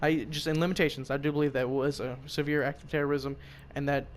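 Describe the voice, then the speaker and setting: A man's voice: on the high side, little pitch movement, fast talker. Young American man rambling over game music. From United States. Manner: profane, rambling, jumps between topics with laughs and asides. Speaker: gaming commentator. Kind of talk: rambling gameplay commentary. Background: music and gunfire from a game.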